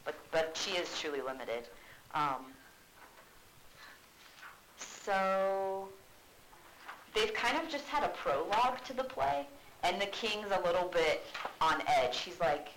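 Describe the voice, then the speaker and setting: A woman's voice: fairly low pitch, big pitch swings, slow, pauses often, fairly bright tone, a little hiss or hum, low-quality recording. A woman teacher giving a casual, chatty classroom explanation, full of "like"s, in a classroom.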